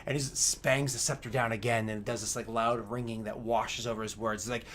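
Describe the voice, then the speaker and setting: A man runs a tabletop game and describes the scene as game master. His voice is bright and forceful, and his narration is loose and halting, full of fillers and restarts. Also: medium pitch, steady tone.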